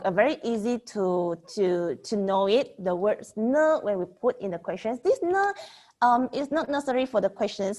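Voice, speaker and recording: A young woman teaching Mandarin grammar in an online lesson, explaining slowly and checking in with "okay?" as she repeats example sentences. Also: on the high side.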